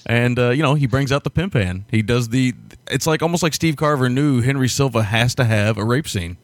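Fast-talking man, dry close sound. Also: mid-range voice, no room sound. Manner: quick, rambling, laughs often. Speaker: podcast co-host. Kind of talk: casual film chat.

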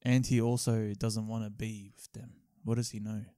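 A young man from Australia in casual, joking podcast banter, deadpan about his own impressions. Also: fairly low pitch, moderate pace, clean tone, dry recording, clean studio sound. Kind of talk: casual chat.

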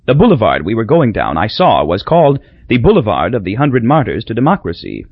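Husky man narrating an audiobook. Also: mid-range voice, no room sound, muffled recording. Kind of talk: scripted narration.

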